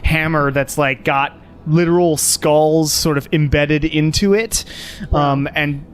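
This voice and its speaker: A man's voice: fairly high pitch, steady tone, takes it slowly, a little hiss or hum. Rambling man running a tabletop game. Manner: rambling, many fillers. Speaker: game master.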